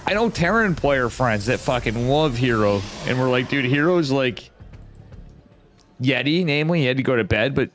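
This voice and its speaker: Male co-caster, loose and jokey, rambles and swears, mid-pitched, light music underneath. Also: lively intonation, a little fast, hardly any pauses, fairly bright tone. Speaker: esports caster. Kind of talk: casual co-casting banter.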